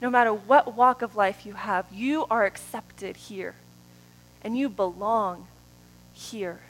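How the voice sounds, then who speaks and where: A woman preaching a sermon in a church, moving between soft, drawn-out phrases and loud, rising calls. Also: medium pitch, soft background music, low-quality recording.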